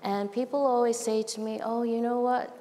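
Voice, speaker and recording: A woman's voice: fairly high pitch, steady tone, moderate pace, warm tone. A woman giving a heartfelt public talk on a large event stage, telling stories animatedly with quoted dialogue. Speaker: speaker at a live event. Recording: long hall reverb, faint noise.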